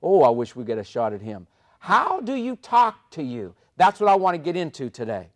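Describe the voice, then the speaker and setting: A man's voice: a little high, moderate pace. A man speaking live on stage to an audience as a motivational speaker, telling stories with punchy repetition. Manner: animated storytelling with punchy repetition.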